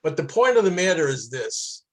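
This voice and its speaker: A man's voice: on the high side, sing-song, moderate pace, poor audio. A man teaching a class on kosher food, telling anecdotes in a chatty, casual way with many fillers. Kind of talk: casual storytelling lecture.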